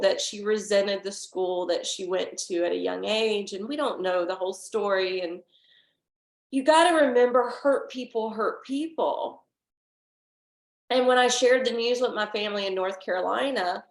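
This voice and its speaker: A woman in her forties, a yoga teacher talking through a gentle class in a soft, halting, heartfelt way. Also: a little high, gravelly. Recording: echoey room.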